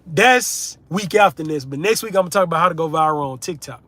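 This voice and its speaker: A man's voice: a little high, expressive, fast, sharp tone, no echo. A young man from the United States hosting a casual livestream, reading out viewer comments in a laid-back, chatty way. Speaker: livestream host, content creator.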